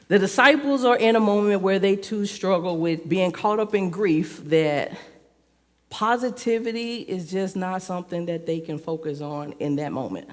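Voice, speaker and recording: A woman church elder giving a conversational sermon, peppering her talk with "like" and laughing often. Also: on the low side. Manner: chatty, fills speech with "like", laughs often. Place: church sanctuary. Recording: reverberant church hall.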